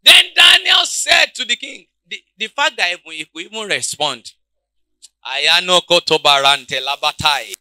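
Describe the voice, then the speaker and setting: A man preaching a sermon, calling out questions to the congregation and swinging between quiet, low passages and loud shouts. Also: wildly swooping pitch, moderate pace, few pauses, no echo. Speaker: pastor.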